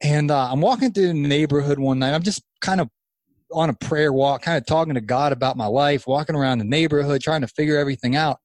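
A man in his thirties, a podcast guest, telling a long story in casual chat, animated and rambling with restarts. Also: fairly high pitch, fast talker, no echo. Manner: animated, acts out quoted voices, rambling restarts. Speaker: podcast guest, lawn care business owner.

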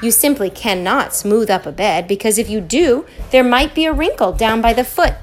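A kindly, playful older lady from a children's storybook, voiced by a woman reader. She talks quietly and confidingly, a touch lower than the narration. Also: expressive, normal speed, a little hiss or hum, natural voice.

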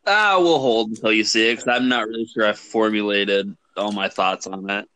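A man co-hosting a casual podcast, explaining his views in a measured, thoughtful way. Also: fairly low pitch, crowd noise. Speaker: podcast co-host. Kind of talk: casual chat.

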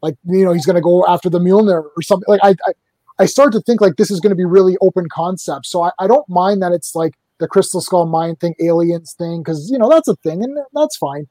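A man's voice: high voice, quick pace, mellow, dry recording. A man co-hosting a casual film podcast, rambling and hesitant, searching for words. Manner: rambling, hesitant, many fillers and restarts. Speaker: podcast co-host.

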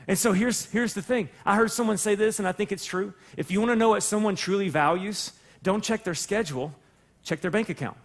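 A pastor preaches from the pulpit of a church sanctuary, his voice sitting high for a man. He talks in an animated, joking way and slips into playful voices to act out the characters he describes. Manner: animated, jokey, acts out voices of people and God. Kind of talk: sermon.

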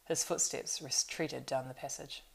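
A woman reads a story aloud, narrating in a steady, unhurried way. Her voice sits low. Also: gravelly, slightly rough. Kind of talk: audiobook reading.

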